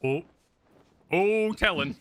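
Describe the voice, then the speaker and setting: A man's voice: high voice, expressive, slow, a bit bright, a little hiss or hum. A man co-hosting a game stream, laid-back and goofy, laughing through the banter. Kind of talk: casual gaming stream chat.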